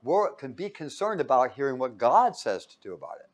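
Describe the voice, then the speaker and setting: A fairly quick, very animated man with a medium-pitched voice preaches a casual sermon. He is a preacher teaching a Bible study, telling stories in a relaxed way, chuckling often and putting questions to his listeners.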